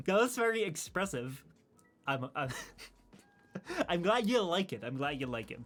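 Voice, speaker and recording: A man's voice: fairly high pitch, lively intonation, moderate pace, pauses often, a bit bright. A young man streaming and chatting casually, rambling and laughing often at himself. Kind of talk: casual chat.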